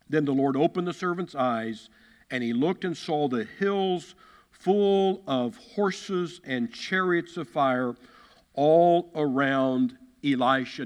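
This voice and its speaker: A man's voice: on the high side, fairly bright tone. Emphatic male pastor in a reverberant hall. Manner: emphatic, repeats key phrases, acts out quotes. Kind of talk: sermon. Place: church sanctuary.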